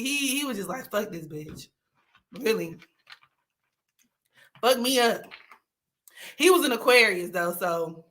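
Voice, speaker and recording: Her voice is fairly high and comes across pushed and bright. This young woman hosts a livestream, sharing candid stories in relaxed conversation with frequent laughter, sometimes breaking into theatrical, tearful mock outbursts.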